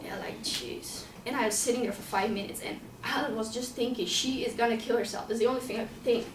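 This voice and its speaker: A woman's voice: fairly high pitch, steady tone, fast, background noise. A woman telling a personal story in a casual, plain-spoken way, repeating herself and sometimes swearing. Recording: roomy sound from a distant mic, faint ambience.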